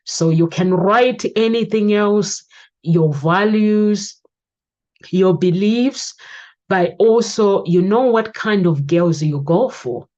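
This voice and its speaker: Chatty woman host, dark mellow voice. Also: mid-range voice, slow pace, lo-fi sound. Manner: chatty, storytelling, asks guest questions. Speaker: talk show host. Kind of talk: casual advice chat.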